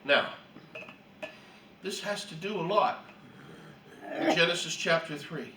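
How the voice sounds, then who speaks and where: Male Bible teacher, high bright voice, unhurried, heard from a distance in an echoey room. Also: a little hiss or hum. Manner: lively storytelling with clearing of the throat. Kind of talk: animated Bible class teaching. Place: room for a church class.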